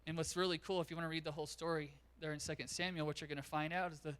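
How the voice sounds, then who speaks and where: A man pastor preaching a sermon in a church, telling a story in an animated way. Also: on the high side, very fast, clear, resonant tone. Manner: animated storytelling, acts out quotes.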